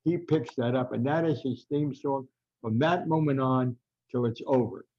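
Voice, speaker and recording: A man's voice: mid-range voice, moderate pace, dull audio. An older American man, a veteran writer, telling rambling anecdotes as a podcast guest, with an American accent. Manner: rambling anecdotal storyteller, frequent restarts. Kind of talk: storytelling interview.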